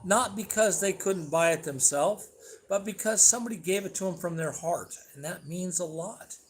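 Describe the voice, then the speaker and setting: Man, slightly high voice, blunt, rambling, cusses freely, casual livestream chat from home. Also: moderate pace, slight background noise. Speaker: livestream host.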